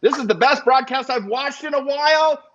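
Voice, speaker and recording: A man's voice: extremely high pitch, moderate pace, noisy background. A man hosting a live stream in casual chat, talking to his viewers in an emotional, chatty way. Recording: dull lo-fi stream audio.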